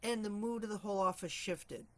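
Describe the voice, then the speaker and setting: A woman hosting a casual live chat, telling stories in a chatty way, clearing her throat often, her morning voice slightly rusty. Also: medium pitch, a little fast, fairly bright tone. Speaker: host of a live stream for empaths.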